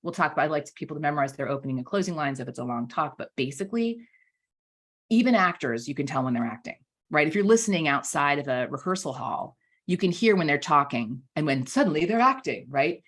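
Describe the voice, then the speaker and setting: A woman with a slightly low, husky voice explains speaking skills as a guest coach in a relaxed podcast chat. She talks in an animated way and keeps checking in with her listener. She repeats key words for emphasis. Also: fast talker. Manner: animated, often checks in with "right?". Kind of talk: casual podcast interview, explaining.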